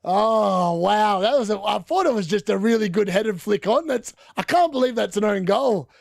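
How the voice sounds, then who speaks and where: Give me a high-pitched man hosting a live match watchalong, excitable with a gravelly edge. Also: dry recording, clean studio sound. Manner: excitable, bursts into shouting at goals. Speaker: watchalong host. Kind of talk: casual live match commentary.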